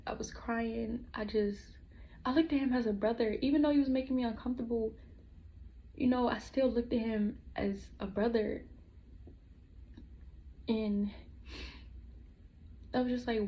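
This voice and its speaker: A woman telling a personal story in a vlog, halting and emotional, with many restarts, her voice often dropping to a hush. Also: a little high, fairly even intonation, a little hiss or hum, low-quality recording. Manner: halting, with frequent restarts and pauses; soft and hushed, dropping at times to a whisper. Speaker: vlogger.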